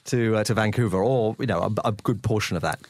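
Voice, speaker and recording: A man's voice: on the low side, quick pace, no echo. A man from Canada hosting a casual radio interview, asking questions with hesitant restarts. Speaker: radio host.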